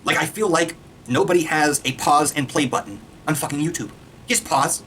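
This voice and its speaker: A man reviewing a trailer in a casual, excitable rant, swearing freely and firing off points at speed. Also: a little high, slight background noise. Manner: excitable, profane, rapid-fire ranting. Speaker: video reviewer.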